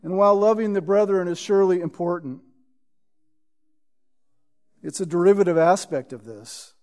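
High-voiced man preaching a sermon. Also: moderate pace, a little mellow. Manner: emphatic, repeats words when building a point. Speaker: pastor.

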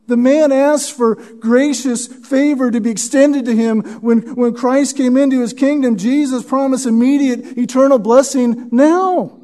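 A man preaching a sermon as pastor, teaching through scripture and sinking to a hushed tone when he quotes. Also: very high voice, fairly even intonation, measured pace, few pauses.

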